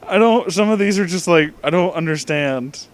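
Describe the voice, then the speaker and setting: A young man reading fan fiction excerpts aloud in a deadpan voice, often breaking off in disbelief and laughing as he comments. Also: high-pitched, moderate pace.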